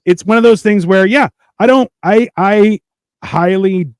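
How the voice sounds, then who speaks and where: A man's voice: sits high, unhurried, clear, resonant tone, no room sound. A man on a casual podcast chat, blunt and crude, telling jokey stories. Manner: jokey, storytelling. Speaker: podcast co-host.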